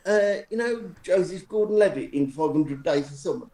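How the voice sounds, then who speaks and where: A man's voice: high voice, lively intonation, normal speed, dark tone. A man telling a long anecdote to friends on a live stream, rambling and self-deprecating, often restarting his sentences. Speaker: storyteller on a live stream show. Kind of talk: casual anecdotal storytelling. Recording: echoey room with faint noise.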